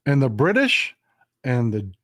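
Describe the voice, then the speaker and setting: Folksy man, animated commentary. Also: mid-range voice, measured pace, no room sound, studio quality. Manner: folksy, animated, mocks historical figures in quoted voices. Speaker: political livestream host. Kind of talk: casual political commentary.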